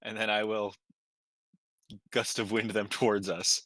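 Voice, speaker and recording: A man's voice: level tone, a little slow, bright, forceful tone, dry recording. A man playing a tabletop game, playful and joking among friends. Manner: playful, laughing, wildly swinging pitch. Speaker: player. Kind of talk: casual tabletop play.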